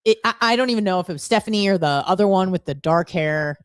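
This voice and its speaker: Woman radio co-host, animated profane storyteller, mid pitch, dry studio sound. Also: fast talker, no echo. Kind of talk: casual radio chat.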